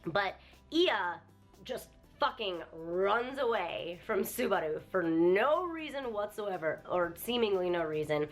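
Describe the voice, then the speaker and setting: A young woman vlogger giving an emotional, animated anime review rant, swearing freely. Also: mid-range voice, takes it slowly. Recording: faint music behind.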